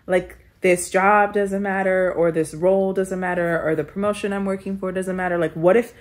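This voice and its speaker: A woman's voice: mid-range voice, fairly even intonation, moderate pace. A woman telling a candid personal story in an interview, earnest and reflective, with many filler "likes". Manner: tearful laughing when moved.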